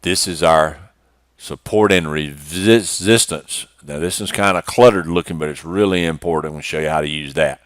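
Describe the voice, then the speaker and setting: Low, smooth-voiced man explaining charts. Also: normal speed, no room sound, clean studio sound. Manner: plainspoken, matter-of-fact, restarts phrases. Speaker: trading instructor. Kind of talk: screen-share tutorial walkthrough.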